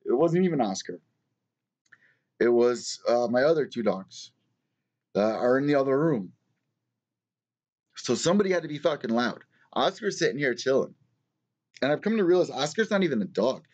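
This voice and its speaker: A man's voice: medium pitch, sing-song, normal speed, long pauses, darkish tone, muffled recording. A man hosting a live-streamed fight news show from his small apartment, ranting and swearing a lot in casual commentary. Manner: profane, heated ranting. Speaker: MMA news show host.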